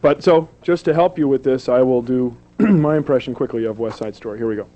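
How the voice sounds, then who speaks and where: Here a man with a mellow, medium-pitched voice performs silly stand-up on TV, poking fun at himself and slipping into goofy character voices. His pace is brisk, and the audio has the dull, lo-fi quality of an old television recording.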